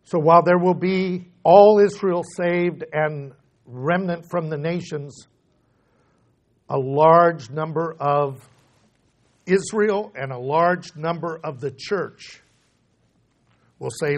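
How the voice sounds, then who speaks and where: A middle-aged male preacher with a fairly high voice delivers a sermon. He rises to loud, emphatic proclamations, then drops low and quiet to drive a point home. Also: slow pace, pauses often.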